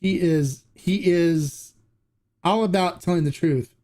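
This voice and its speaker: Excitable man hosting a tequila livestream. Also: sits high, slow. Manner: excitable, laughs often, restarts sentences. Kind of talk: casual livestream chat.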